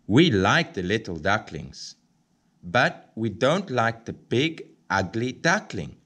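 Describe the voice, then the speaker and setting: A man's voice: on the low side, sing-song, slow pace, a bit bright, husky, heavily acted. A man voicing big, disdainful farm ducks in a storybook reading.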